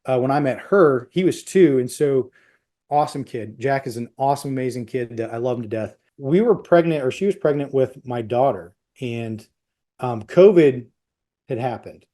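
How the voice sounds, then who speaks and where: A man's voice: medium pitch, expressive, normal speed, dark tone. A man in his thirties, a guest on a podcast, intensely telling a personal story and acting out what others said. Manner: intense, quotes others in their voices while retelling.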